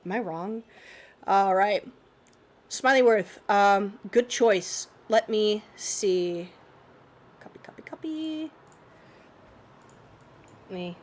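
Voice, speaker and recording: A young woman with a slightly congested, sniffly voice walks through student drawings in an unscripted art lesson. She talks at a middle pitch, chatty and encouraging, full of ums and restarts. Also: slow pace. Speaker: art teacher.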